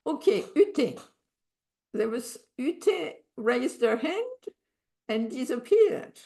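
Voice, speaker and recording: A woman's voice: on the high side, big pitch swings, takes it slowly, creaky, mellow. A woman with a French accent, a meditation teacher thinking aloud as she leads an online group session, with small slips in her English grammar.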